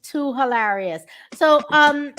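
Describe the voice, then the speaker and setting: A woman hosting a casual podcast, talking in an animated, exclaiming way with playful appeals to her audience. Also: high voice, takes it slowly, slight background noise. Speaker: podcast host. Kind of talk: casual chat.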